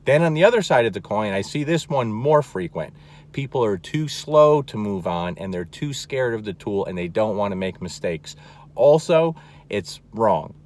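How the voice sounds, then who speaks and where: Talking to camera, a dog trainer gives plain, emphatic instruction, repeating key words and often checking in with "okay?" His voice is on the low side with a darkish tone.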